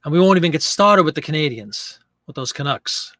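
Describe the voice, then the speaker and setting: A man's voice: a little high, expressive, brisk, sharp tone, dry recording. A man hosting a live selling stream, chatting casually and joking as he reads viewer comments aloud.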